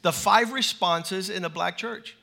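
A man preaching a lively sermon in a church to a large congregation, animated and playful, leading call-and-response. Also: high voice, unhurried, gravelly.

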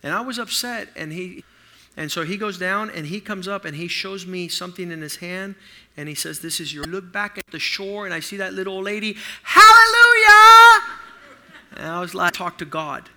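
A middle-aged man preaching a sermon through personal stories, acting out quotes with loud outbursts and hushed asides. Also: sits high, fairly quick. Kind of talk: sermon storytelling.

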